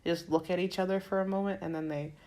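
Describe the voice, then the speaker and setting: A woman's voice: on the low side, fairly even intonation, quick pace, darkish tone. A woman with a Florida accent co-hosting a podcast, chatting casually and retelling film scenes with lots of "like" and "um". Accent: Floridian American. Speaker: podcast co-host. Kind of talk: casual chat.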